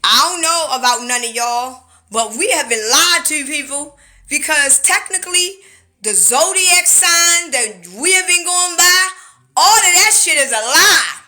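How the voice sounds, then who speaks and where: Young woman, phone livestream, high bright voice, animated and emphatic casual storyteller. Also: measured pace. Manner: animated, loud storytelling with laughter, emphatic repetition. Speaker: TikTok live streamer. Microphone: phone camera.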